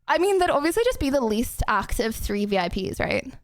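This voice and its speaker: A woman's voice: high-pitched, very animated, fairly quick. A young woman streamer, chatting casually and rambling through her chat's questions with lots of giggles and filler words. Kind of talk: casual chat answering chat questions.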